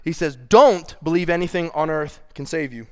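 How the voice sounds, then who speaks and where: A young adult man preaching a sermon, reading scripture with feeling and playful, animated asides. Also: on the high side, normal speed, smooth. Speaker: pastor.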